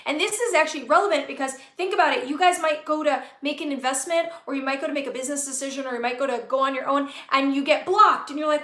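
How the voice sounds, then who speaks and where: A woman's voice: sits high, fast talker, hardly any pauses, fairly bright tone, echoey room. A woman hosting a live-stream talk as a spiritual business coach, speaking earnestly with many fillers and repeated phrases.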